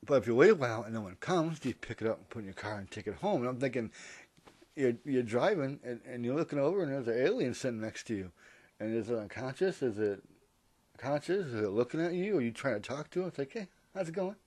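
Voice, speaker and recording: A man's voice: mid-range voice, expressive, fast talker, darkish tone, no echo. A man rambling through a comedic monologue, interrupting and correcting himself as he goes. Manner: rambling, hypothetical, self-interrupting. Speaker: vlogger.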